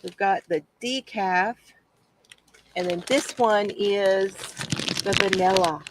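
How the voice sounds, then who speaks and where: A woman's voice: mid-range voice, slow pace, noisy background. A woman hosting a casual crafting livestream, chatty and gushing as she answers viewer comments from home.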